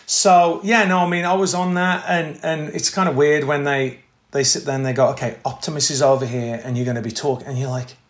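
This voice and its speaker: A man, an actor telling anecdotes in a casual interview, animated and full of fillers, acting out quotes. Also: on the high side, fairly quick. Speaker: actor guest. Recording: echoey room.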